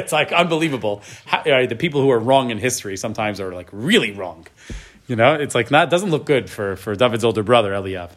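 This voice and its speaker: A man teaching a Bible class, reading verses in Hebrew and explaining them in English. He talks in an animated way and often checks in with the class by asking "right?". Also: medium pitch. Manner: frequent tag question "right?". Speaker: Torah teacher.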